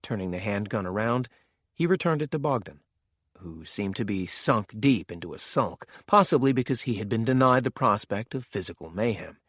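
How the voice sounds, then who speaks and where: A man reading a thriller audiobook in a steady, measured narration. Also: on the low side, no echo, studio quality.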